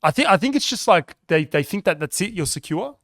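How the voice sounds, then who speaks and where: Higher-voiced man chatting casually. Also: brisk, dry recording, clean studio sound. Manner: relaxed, swearing, lots of fillers like "like". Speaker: podcast host. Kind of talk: casual chat.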